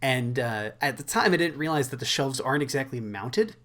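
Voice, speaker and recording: A young man chatting loosely on a podcast, his pitch sitting right in the middle for a man. He rambles through his stories, swears freely and breaks into laughs between fillers. It is relaxed, unpolished banter. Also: brisk. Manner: rambling, laughing, profane storytelling. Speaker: podcast co-host. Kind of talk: casual chat.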